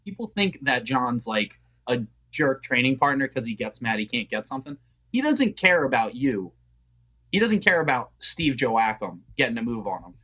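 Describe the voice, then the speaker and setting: A man's voice: medium pitch, very animated, moderate pace, pushed and bright, highs cut off. A man who competes in jiu-jitsu, speaking as a podcast guest in a blunt, joking, casual way. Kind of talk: casual chat.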